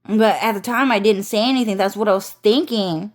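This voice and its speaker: A woman's voice: mid-range voice, fairly quick. A woman rambling through a personal story in a casual vlog, swearing often, laughing, and restarting her sentences. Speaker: vlogger.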